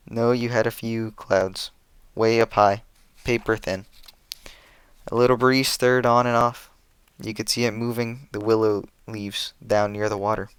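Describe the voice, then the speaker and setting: A man narrates a novel in the first person, plain and steady. His voice is low and smooth. The sound is close and dry, with no room around it. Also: unhurried, dry recording. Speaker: audiobook reader. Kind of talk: audiobook narration.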